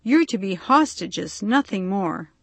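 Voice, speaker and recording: A harried little bee man from a storybook, polite and fussy, coaxing at first and then turning stern, as a woman reader puts him on. The voice sits a bit higher than plain narration. It is recorded close and dry. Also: expressive, measured pace, gravelly, no room sound. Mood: pleading. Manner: pleading, then stern and impatient.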